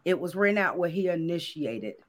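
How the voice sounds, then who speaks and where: A woman's voice: fairly low pitch, lively intonation, brisk. Earnest woman insisting on her story. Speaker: co-host. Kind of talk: casual podcast chat.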